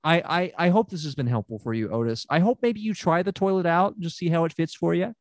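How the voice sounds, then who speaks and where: A man's voice: on the high side, brisk, no echo. Stammering man with a dry, close sound. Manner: rambling, stammering, deadpan asides. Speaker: podcast host playing a therapist. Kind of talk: improvised comedy podcast.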